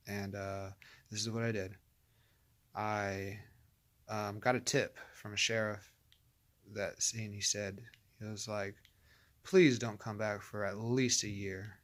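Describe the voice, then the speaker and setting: Man, from Northern California, fairly low voice, casual monologue, rambling, cursing, lots of fillers. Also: a bit bright. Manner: rambling, profane, with frequent fillers and restarts. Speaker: vlogger telling his own story.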